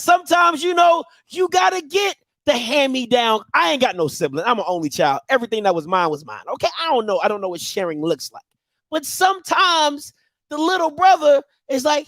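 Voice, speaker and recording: A man hosting a live talk show, his voice sitting high and leaping all over the place. He talks in emphatic, slangy bursts of casual banter. The sound is close and dry, with no room echo. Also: very animated, moderate pace, fairly bright tone. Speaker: show host. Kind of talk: casual on-air rant.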